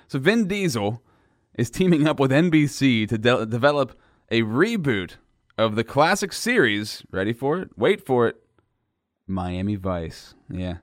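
A man's voice: mid-range voice, a bit bright, no echo. Guy hosting a radio show, goofing around, sarcastic, dry close mic. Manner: joking, rambling, sarcastic. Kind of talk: casual radio chat.

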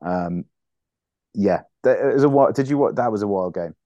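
Man, fairly low voice, dry sound, rambling, restarts, casual swearing. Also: expressive, normal speed, mellow, dry recording, highs cut off. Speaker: podcast co-host. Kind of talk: casual sports chat.

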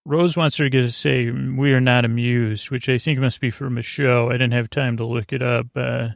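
Male podcast host, rambling sleep-recap delivery, monotone with vocal fry. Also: medium pitch, dry recording, studio quality. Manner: rambling, halting, full of fillers and restarts. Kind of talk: drowsy episode recap for sleep.

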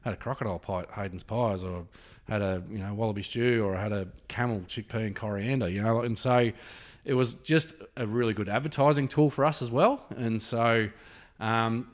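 A man's voice: medium pitch, steady tone, moderate pace. An Australian man who owns a pie shop, chatting casually in an interview and rambling with plenty of "sort of" fillers. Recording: reverberant room.

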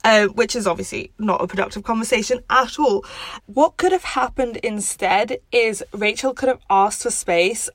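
A woman's voice: on the high side, moderate pace, no echo. A woman hosting a show, giving relationship advice in a direct, analytical and firm way. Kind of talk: explanatory advice commentary.

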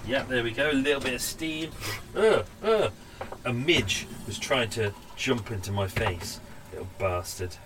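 A man's voice: medium pitch, lively intonation, measured pace, noisy background. A middle-aged man hosting a podcast in a casual, rambling chat full of fillers and restarts, talking outdoors by his boat. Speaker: podcast host.

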